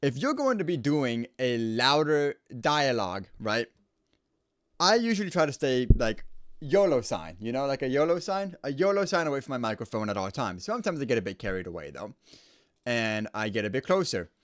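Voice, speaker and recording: Man, audio engineer, casual tutorial, animated delivery, dry close-mic sound. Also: medium pitch, normal speed, dry recording. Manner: casual and explanatory, stresses points by repeating them. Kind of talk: home studio recording tutorial. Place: home studio. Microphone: studio microphone at close range.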